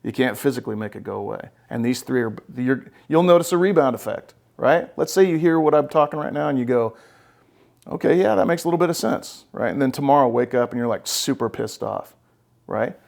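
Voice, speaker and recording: A man with a gravelly, creaky voice in a mid-range pitch hosts a podcast as a no-nonsense therapist. He talks bluntly, swears freely and keeps tagging his points with "right?". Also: fairly quick, darkish tone. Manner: blunt, profane, emphatic, keeps checking with "right?". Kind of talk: casual podcast conversation.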